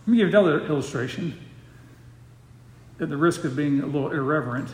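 Middle-aged male pastor, deliberate sermon delivery with repeated emphasis, slightly high voice, roomy reverberant sanctuary sound. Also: darkish tone. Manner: slows to stress key phrases, repeats words. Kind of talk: expository sermon.

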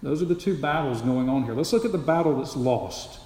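A man's voice: mid-range voice, expressive, fairly quick, dark tone. A man preaching an expository sermon, emphatic and repeating key phrases for stress. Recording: echoey hall with long reverb.

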